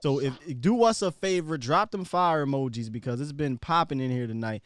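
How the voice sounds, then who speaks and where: A male podcast host on a casual live stream, talking in a laid-back, slangy way with quick shout-outs. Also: mid-range voice, no echo, studio quality.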